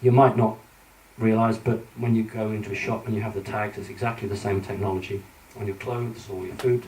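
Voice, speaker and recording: A British man speaks to a conference audience in a large hall, earnest and warning, stumbling through fillers and restarts. His voice is mellow and dark, heard from a distance. The room is echoey, with a faint hiss behind him. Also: on the low side, flat delivery, a little fast. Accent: British English. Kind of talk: conference talk with slides.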